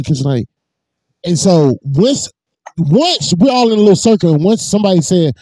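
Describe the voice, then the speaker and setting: A man telling a long, profane story in a casual podcast chat, swinging high and low as he acts it out. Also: very animated, fairly quick, warm tone, dry recording.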